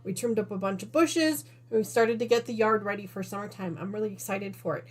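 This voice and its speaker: Speaking briskly at a medium pitch, this quilting channel host from Northern Illinois chats casually on her live stream. She sounds breathless and talkative, often apologizing to her viewers in little asides.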